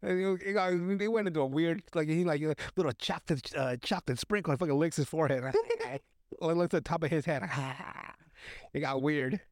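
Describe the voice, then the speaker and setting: A man's voice: a little high, normal speed, dry recording, clean studio sound. A man hosting a podcast, casually recapping a movie in a loose, rambling way, swearing and laughing often. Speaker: podcast host.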